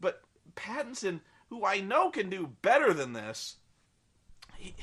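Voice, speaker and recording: A man delivers a rambling, sarcastic film review in a high, bright voice. He swears freely and piles up fillers as he goes. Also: animated, unhurried, pauses often, breathy edge. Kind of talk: casual spoken film review.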